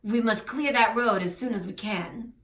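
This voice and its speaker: A woman's voice: on the high side, normal speed, fairly bright tone, roomy sound, recorded from a distance, a little hiss or hum, natural voice. Woman putting on a French-accented male clerk. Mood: formal, polite. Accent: French, put on. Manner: polite, formal, slightly theatrical.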